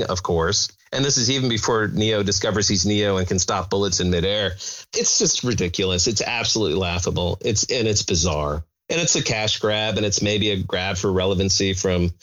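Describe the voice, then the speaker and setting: A man's voice: lowish voice, fairly quick, fairly bright tone. A man, a film critic, gives a sardonic casual review, laughing often, over a muffled lo-fi remote line.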